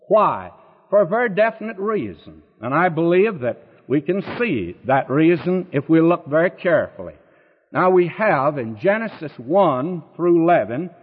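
A man preaches a sermon in a slightly high voice, folksy and emphatic, often asking his listeners questions. The sound is thin and phone-like, with a long reverb trailing behind his words. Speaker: Bible teacher. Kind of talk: radio sermon.

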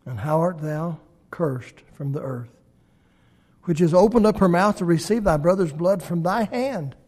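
A preacher voicing God as a stern judge, declaring in solemn old-fashioned wording. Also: male voice, on the high side, lively intonation, unhurried, a little mellow. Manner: solemn, archaic proclamation.

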